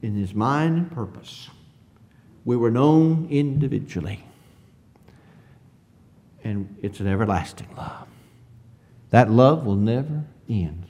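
A man's voice: medium pitch, expressive, mellow. Man preaching a conversational sermon. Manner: conversational preaching with rhetorical questions; reads scripture slowly and drawn out.

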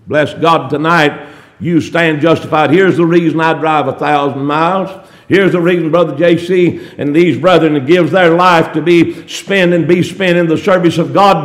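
High-voiced preacher, fervent. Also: male voice, moderate pace. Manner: swings from loud rising exhortation to low murmured asides. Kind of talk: fervent sermon.

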